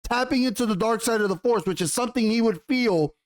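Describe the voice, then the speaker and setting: Exasperated male reviewer with a high voice, foul-mouthed, tripping over his words. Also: brisk. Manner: exasperated, swears a lot, stumbles and restarts. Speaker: YouTube TV show reviewer. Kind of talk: profane ranting review.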